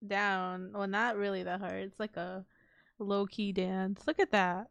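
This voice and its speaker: A woman's voice: medium pitch, level tone, unhurried, creaky, no room sound, muffled recording. A woman streamer chatting casually on a live stream, rambling, giggling often and swearing offhandedly. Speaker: VTuber streamer.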